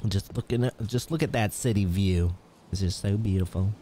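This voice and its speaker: Male streamer with a lowish voice, easygoing live-chat host who keeps chuckling. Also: normal speed, warm tone, a little hiss or hum. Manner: reads viewer names aloud, chuckles often. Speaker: livestream host.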